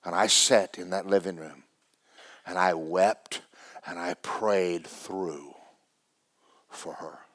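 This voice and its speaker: A low-voiced male preacher delivers his sermon with loud, emphatic force before dropping to a hushed, nearly whispered intensity. He speaks slowly with fairly even intonation and frequent pauses. The recording is dry and close, with no room sound.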